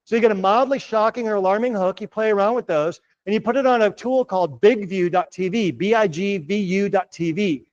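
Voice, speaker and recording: A man's voice: high-pitched, a little fast, few pauses, dull audio. A middle-aged man coaching a live audience on real estate marketing, upbeat and chatty, often checking in with "right?". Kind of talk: live presentation to a room. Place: office meeting room.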